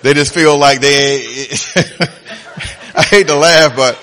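A man preaching a sermon as pastor, swinging between soft, slow reflection and loud, laughing punchlines. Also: fairly high pitch, long reverb tail.

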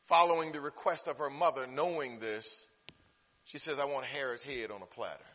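A bright-voiced male preacher, swinging between quiet, intimate passages and loud, climbing peaks. His voice rings out with a long hall reverb, as if filling a large church sanctuary. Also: medium pitch, normal speed. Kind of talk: sermon.

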